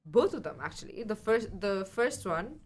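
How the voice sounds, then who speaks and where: A woman's voice: medium pitch, very animated, normal speed, husky. Young woman rambling through a dream story. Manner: rambling storytelling, swearing, laughing often. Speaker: podcast co-host. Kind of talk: casual chat.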